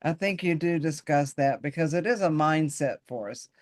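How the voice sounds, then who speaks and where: A woman's voice: deep voice, animated, moderate pace. A woman hosting an interview podcast, encouraging and upbeat, affirming her guest often. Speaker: podcast host.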